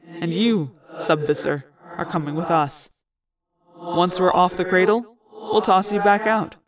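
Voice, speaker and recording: A fan reader voicing a cold, threatening alien war prince in an audiobook reading, talking low and clipped. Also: fairly even intonation, a little slow, over music, lightly acted. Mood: menacing.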